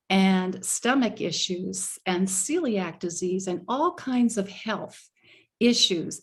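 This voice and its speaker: Slow, enthusiastic woman host. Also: mid-range voice. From USA. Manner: enthusiastic, gushing. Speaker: summit host, life coach. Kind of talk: online summit interview. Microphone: video call.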